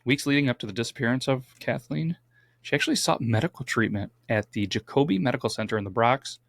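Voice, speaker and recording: Male podcast co-host, gravelly, dry close mic, relaxed true crime storytelling with wry asides. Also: medium pitch, quick pace, no echo. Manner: reads case notes, adds wry asides.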